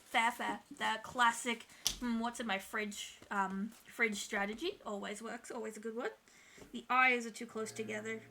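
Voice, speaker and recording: A woman's voice: fairly high pitch, steady tone, moderate pace, creaky, noisy background. A woman streamer chatting casually with her viewers while she draws, swearing freely and laughing often.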